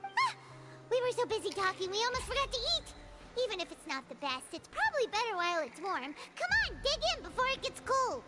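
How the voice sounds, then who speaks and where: A woman's voice: very high-pitched, big pitch swings, quick pace, loud music behind the voice. A woman voicing a tiny, chirpy floating female fairy-like companion in a video game who talks about herself in the third person. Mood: chatty. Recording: noisy game audio.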